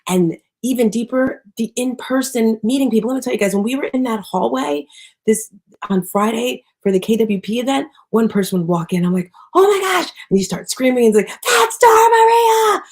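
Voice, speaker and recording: A woman's voice: on the high side, brisk, mellow. A woman hosting a live audio chat room, upbeat and chatty, speaking affectionately to the people in the room. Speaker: host.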